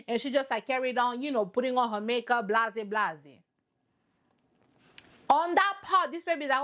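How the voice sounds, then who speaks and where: Woman reaction vlogger, high voice, lively and playful. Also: normal speed, dull audio. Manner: animated, playful, repeats herself for effect. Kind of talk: casual reaction commentary.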